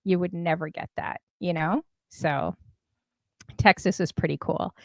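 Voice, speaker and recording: A woman's voice: lowish voice, steady tone, measured pace, dry recording. A woman from Canada hosting a casual interview, bubbly and chatty, saying "like" often. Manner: bubbly, chatty, with lots of "like" and laughter. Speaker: podcast host.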